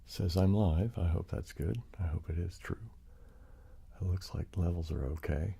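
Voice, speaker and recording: Sleepy male stream host, very low and gravelly, relaxed chatter between taps. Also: moderate pace. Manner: relaxed, chatty, greets viewers by name. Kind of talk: casual ASMR live stream chat. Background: wood tapping.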